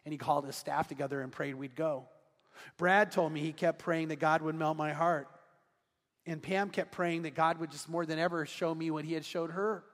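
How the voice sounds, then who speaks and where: Male pastor, high voice, animated storyteller, long church reverb. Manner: animated, acts out dialogue in his story. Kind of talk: sermon storytelling. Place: large church sanctuary.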